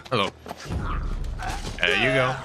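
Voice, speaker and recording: A man's voice: medium pitch, slow, music in the background. A man streaming a video game, chatting casually in a rambling way and tagging lines with "eh". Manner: rambling, frequent "eh" tag. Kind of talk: casual gameplay commentary.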